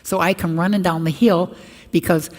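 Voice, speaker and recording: An older woman with a low voice tells stories to a parish congregation and springs into raised voices for the people she quotes. Her words ring out with the long reverb of a large church. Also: steady tone, moderate pace. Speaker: guest speaker at a parish mission. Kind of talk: storytelling talk to a congregation.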